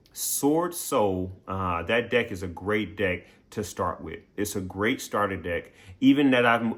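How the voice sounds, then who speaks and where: Deep and a bit bright, this adult man's voice carries a casual recap for his stream viewers. He's a gamer who keeps it playful and chatty, laughing a lot along the way.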